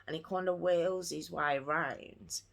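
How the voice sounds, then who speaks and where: Slow, gravelly-voiced woman vlogger. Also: deep voice, fairly even intonation. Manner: earnest, retelling events in her own words. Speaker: true crime vlogger. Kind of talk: casual true crime storytelling.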